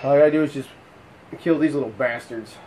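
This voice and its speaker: A man giving casual let's play commentary on a horror game, cursing and yelling out in bursts of excitement. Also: medium pitch, fast, a little hiss or hum. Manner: profane, excitable outbursts. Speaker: gameplay commentator.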